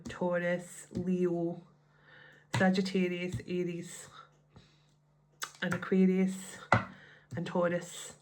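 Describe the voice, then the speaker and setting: A woman's voice: on the low side, slight background noise. A woman giving a tarot card reading. She thinks aloud in a chatty way and often restarts her sentences. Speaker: tarot reader.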